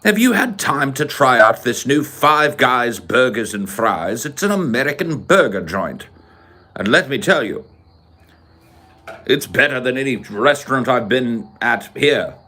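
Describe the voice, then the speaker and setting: A man putting on an excited young bloke, gushing in an exaggerated way. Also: mid-range voice, unhurried, voice pushed up, exaggerated voice. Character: excited young British bloke raving about burgers.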